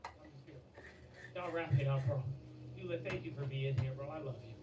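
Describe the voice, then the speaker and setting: A man hosting a livestream, excitable and swearing, with a strained, fading voice and sudden shouts and laughter. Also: on the high side, brisk, far from the mic. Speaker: livestream host. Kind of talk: hyped livestream chat. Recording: echoey, off-mic, with loud background noise.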